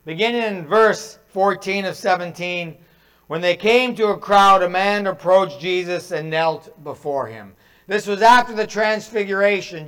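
High, clear-voiced male pastor preaching. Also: poor audio. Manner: storytelling with sudden swings from loud to hushed. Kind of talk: sermon.

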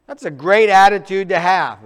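A man preaching a sermon in a conversational, animated storytelling way, acting out quick asides. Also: sits high, smooth.

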